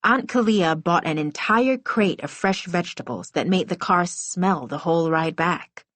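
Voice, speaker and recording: A woman's voice: lowish voice, animated, moderate pace, no echo. A woman reading a first-person middle-grade novel aloud as an audiobook narrator, telling it expressively.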